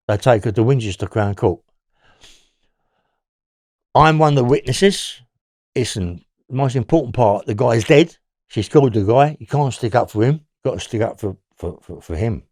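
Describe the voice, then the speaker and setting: A man's voice: medium pitch, darkish tone, no echo, studio quality. An older man with a London accent, bluntly recounting old prison stories in a rambling, profane way. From England. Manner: rambling, blunt, swears freely. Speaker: interview guest.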